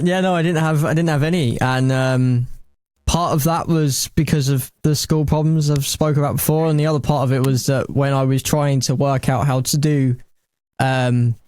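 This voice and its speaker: A man's voice: medium pitch, a little mellow, no room sound. Wry young man, dry close sound. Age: young adult. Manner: dry, wry, self-mocking. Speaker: radio station colleague. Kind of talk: casual chat.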